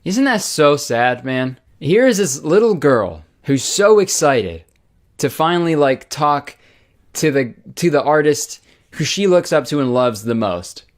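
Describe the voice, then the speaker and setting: A man's voice: a little high, sing-song, unhurried. A man giving comedic commentary in a sarcastic, exasperated tone, swearing casually.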